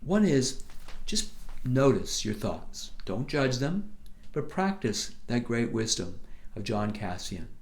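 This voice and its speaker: Gentle soft-spoken priest, man. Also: mid-range voice, sing-song, takes it slowly. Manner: gentle storytelling, often dropping softly to a hush. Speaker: priest leading a retreat. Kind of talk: retreat talk.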